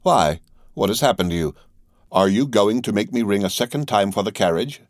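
A cool, imperious nobleman in a storybook reading, speaking in a deep, measured voice. A man puts him on in his own low register, recorded close and dry. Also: animated, no room sound, natural voice. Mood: commanding. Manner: commanding, measured. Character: imperious older male count, cold master.

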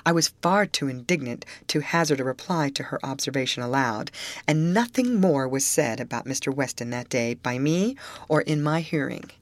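Low-voiced woman reading a novel. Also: lively intonation, normal speed, no echo. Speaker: audiobook narrator. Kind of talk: literary audiobook narration.

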